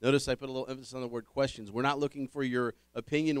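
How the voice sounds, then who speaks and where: A man's voice: mid-range voice, fairly even intonation, racing, clear, resonant tone, no echo. A man hosting a public dinner forum, welcoming the audience, giving ground rules and introducing panelists. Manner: upbeat, addressing a dinner audience. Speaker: event host. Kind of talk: public event announcements.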